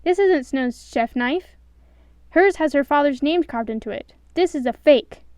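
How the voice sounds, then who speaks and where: A woman's voice: lively intonation, unhurried, darkish tone, dry recording. A woman voicing a wicked, scheming boss who screams and hisses at her servant. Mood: furious. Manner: shrill, explosive, hissing.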